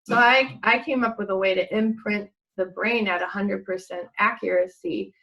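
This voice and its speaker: A woman's voice: mid-range voice, steady tone, moderate pace, sharp tone, poor audio. A middle-aged woman, a guest in a casual chat, telling a rambling story, laughing often and acting out what people said.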